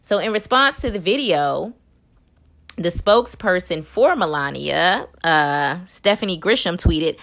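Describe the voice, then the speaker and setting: A young woman hosts a commentary show with a blunt, sassy edge. She scolds and teases in a slightly low voice. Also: lively intonation, a little slow, vocal fry, a bit bright. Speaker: host. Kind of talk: opinionated commentary.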